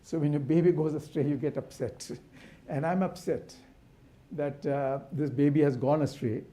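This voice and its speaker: A man's voice: fairly high pitch, steady tone, normal speed, dark tone. A man giving an impassioned symposium talk, asking rhetorical questions with frequent restarts. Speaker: conservation academic speaker.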